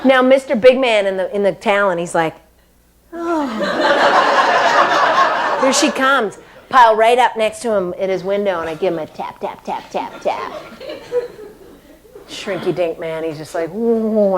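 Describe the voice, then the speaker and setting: A woman's voice: medium pitch, moderate pace, very noisy. A woman comedian from New Hampshire telling a long personal story on stage, acting out voices and sound effects and laughing as she goes. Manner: animated, acts out voices and sound effects, laughs between lines. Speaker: stand-up comedian.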